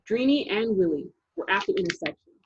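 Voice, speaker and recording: A woman narrating a children's chapter book aloud in a lively, rhythmic reading. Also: mid-range voice, brisk, a little hiss or hum. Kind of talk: storybook read-aloud. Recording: dull lo-fi recording.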